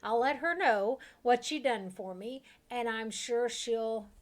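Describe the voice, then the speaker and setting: A young dwarf cook with a slight Southern drawl, put on by a woman, grateful and a bit fussy as he talks about getting back to his kitchen. His voice sits higher and louder than an everyday speaking voice. The lines are read aloud from a fantasy game. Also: very animated, moderate pace. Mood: relieved.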